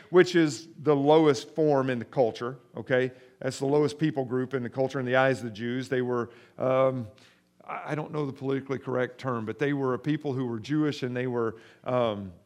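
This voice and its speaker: A man's voice: mid-range voice, clean tone. A man preaching a sermon as pastor, speaking conversationally to the congregation and pushing hard on stressed words. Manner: emphatic, rising sharply in volume for stress.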